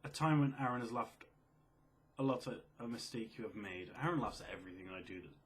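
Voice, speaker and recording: A quiet, low-key young man in casual chat, reading out and answering viewer questions. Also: animated, a little fast, a little hiss or hum. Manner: quiet, low-key, self-described mellow and sleepy.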